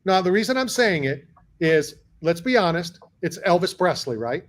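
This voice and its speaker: A man's voice: high voice, expressive, moderate pace. A man hosting a talk radio show in casual chat, arguing his points and repeating words as he goes. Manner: repeats himself, argumentative.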